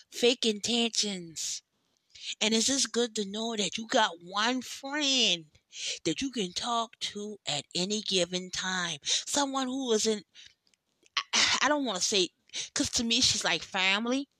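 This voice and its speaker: Woman doing a podcast monologue, slow and heartfelt, bright voice, dry close mic. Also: mid-range voice, dry recording. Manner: emotional, heartfelt, speaks straight to listeners; slow and drawn out, with long pauses. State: tearful, overwhelmed. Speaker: podcast host. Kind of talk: personal monologue.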